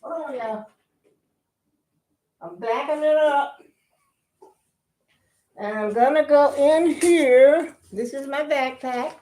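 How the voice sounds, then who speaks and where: On a live stream, an older female vlogger talks casually and warmly, calling everyone y'all and sounding slightly winded. She has a high, dark-toned voice, speaks slowly, and leaves long pauses.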